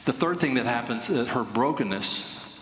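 A man's voice: mid-range voice, lively intonation, normal speed, a bit bright. A man preaching a sermon, telling a personal story earnestly and rising to emphatic points. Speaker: pastor. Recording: echoey hall with faint ambience.

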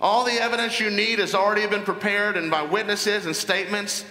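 A man preaching in a church, slowing down to stress key words as he walks through a Bible passage. His voice is high and bright, and it rings out into a large hall with a long, echoing reverb. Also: fairly even intonation. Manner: deliberate, emphatic Bible exposition. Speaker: pastor. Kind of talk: sermon.

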